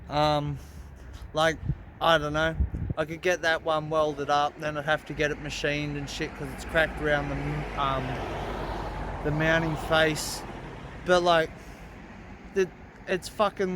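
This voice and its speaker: A man's voice: a little high, little pitch movement, a little slow, pauses often, fairly bright tone, big-room sound, slight background noise. A young Australian man in a casual garage vlog, talking through his car repair in a laid-back way and swearing heavily when frustrated. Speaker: car vlogger.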